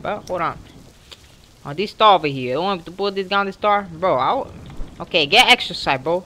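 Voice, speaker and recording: A young woman commenting on a horror game as she plays it, excitable and casually swearing, often yelling at what happens on screen. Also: on the low side, brisk, a little hiss or hum. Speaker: gamer, channel host. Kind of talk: let's play commentary.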